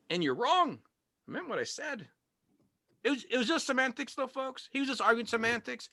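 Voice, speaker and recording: Bright, lively-voiced male stand-up comic. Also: extremely high pitch, brisk, dry recording. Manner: wry storytelling with punchlines. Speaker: stand-up comedian. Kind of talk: stand-up set. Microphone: video call microphone.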